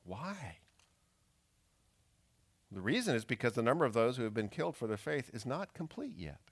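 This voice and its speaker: A male pastor delivering a sermon. His voice rises and falls in a lively way as he reads scripture and dramatizes its cries for justice. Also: medium pitch, moderate pace. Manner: expressive preaching, acting out pleading questions.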